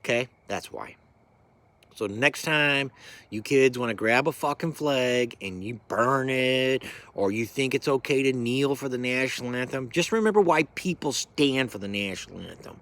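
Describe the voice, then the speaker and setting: A middle-aged man who served in the military, giving an angry, profane, rambling rant that swings from low mutters to loud bursts. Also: animated, normal speed. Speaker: military veteran ranting.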